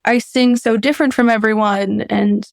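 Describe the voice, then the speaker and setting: Brief: woman voice teacher guest, fairly high and smooth, reflective and self-deprecating, dry sound. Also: steady tone, moderate pace, no room sound. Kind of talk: candid podcast conversation.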